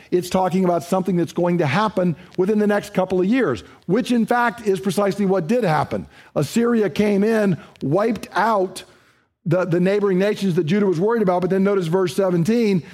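A man's voice: high voice, a little mellow. A man teaching a Bible study lecture, explaining a passage and reading scripture aloud, with a few fillers.

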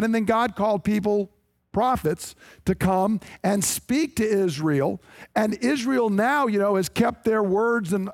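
A man preaching a sermon, emphatic and conversational, acting out quick asides. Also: high voice, no room sound, studio quality.

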